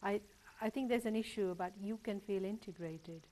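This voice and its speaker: A woman guest in a studio discussion, a solicitor speaking in a measured, thoughtful way. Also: mid-range voice, warm tone, a little hiss or hum.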